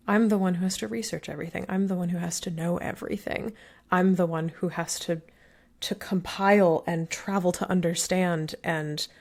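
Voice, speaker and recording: A woman's voice: fairly low pitch, a little mellow. A woman hosting a podcast, speaking thoughtfully and building her point in repeated phrases. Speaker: podcast host. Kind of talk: reflective interview conversation.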